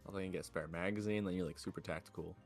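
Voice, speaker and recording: A man co-hosting a podcast, chatting in a quick, offhand, plainspoken way. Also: sits low, steady tone, a little mellow, faint music behind. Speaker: podcast co-host. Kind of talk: casual chat.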